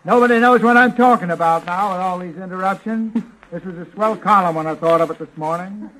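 A man's voice: sits high, brisk, fairly bright tone, poor audio. A comedian doing a 1930s radio comedy routine, drawling and grumbling insulting asides under his breath.

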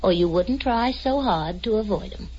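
An actress playing a chatty, teasing studio secretary in a vintage radio drama. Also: female voice, medium pitch, lively intonation, darkish tone, breathy edge. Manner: brassy, teasing, fast-talking. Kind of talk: 1940s radio acting. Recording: dull lo-fi old radio recording.

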